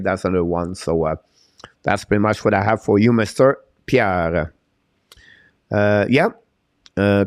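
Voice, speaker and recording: A man's voice: on the low side, no echo, clean studio sound. A man, a hockey coach hosting a live stream, talking in a fired-up, repetitive motivational way and reading viewer comments.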